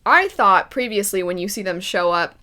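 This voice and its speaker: Animated, bright-voiced woman reacting. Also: mid-range voice, normal speed. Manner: animated, laughs often, mimics characters in mock voices. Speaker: first-time viewer reacting to an anime. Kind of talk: casual reaction commentary.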